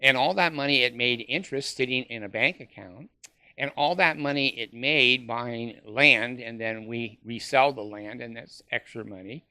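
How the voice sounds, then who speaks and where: A man talks in a sarcastic, mocking monologue, his voice very bright and edgy. He scoffs with short laughs and trips over "uh" and restarts. The sound is dry and close, with no room around it. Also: medium pitch, normal speed, no echo. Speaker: former church member ranting to camera.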